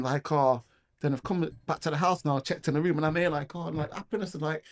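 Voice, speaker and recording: Man, Manchester accent, middle-aged, slightly high voice, animated storytelling, slangy, dry close sound. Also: quick pace, no room sound. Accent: Manchester English. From England. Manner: animated, acts out voices of people in his story; rambling with slang fillers. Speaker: guest. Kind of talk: personal testimony storytelling.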